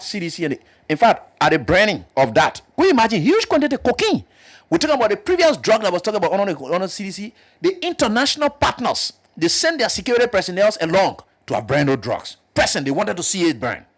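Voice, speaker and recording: Animated Liberian man arguing politics. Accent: Liberian English. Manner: emphatic, animated, jumps up in pitch to press points. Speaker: panelist. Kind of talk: political talk show discussion.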